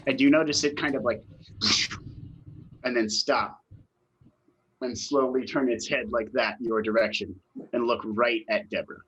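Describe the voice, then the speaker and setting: Husky-voiced man running a tabletop game. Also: mid-range voice, fairly even intonation, normal speed, long pauses, fairly bright tone. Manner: loose, filler-heavy narration. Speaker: game master.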